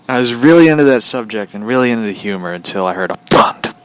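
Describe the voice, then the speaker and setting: A man's voice: medium pitch, a bit bright. A man hosting his show from home, telling a story as a profane, aggravated rant. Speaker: show host. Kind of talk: ranting storytelling.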